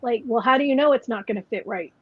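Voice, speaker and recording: A woman's voice: on the high side, fast, husky, no echo. A woman co-hosting a casual chat podcast, rambling with lots of "like" and "you know" fillers. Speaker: podcast co-host. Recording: dull lo-fi podcast audio.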